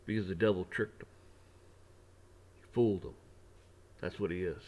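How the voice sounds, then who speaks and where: A man's voice: deep voice, fairly even intonation, moderate pace, muffled recording. Rambling, preachy man ranting. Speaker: vlogger. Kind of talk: preachy rant.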